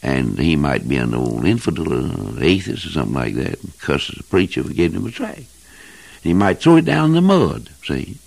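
An older man preaching a fervent old-time sermon, emphatic and husky, with King James phrasing. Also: very deep voice, big pitch swings, normal speed, a little mellow, dry recording. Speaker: evangelist preacher.

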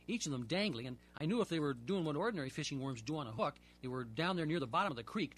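Husky man reading a lively children's story. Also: a little high.

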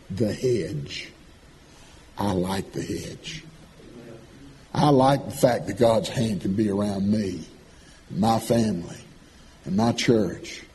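A man preaching a sermon, folksy and animated, swinging from loud calls to soft asides. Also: on the low side, slight background noise.

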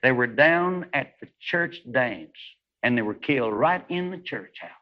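A man preaching a fervent sermon, swinging between loud rising highs and hushed low passages. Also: expressive, a little slow. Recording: dull lo-fi old recording.

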